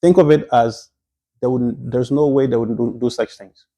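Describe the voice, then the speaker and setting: A man delivers a religious history lecture at an ordinary, mid-range pitch, his voice mellow and dark. He talks conversationally, restarting phrases, exclaiming often, and quoting Arabic scripture along the way. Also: steady tone, normal speed. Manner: slips into quoted Arabic phrases. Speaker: Islamic teacher. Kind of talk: recorded Islamic history lecture.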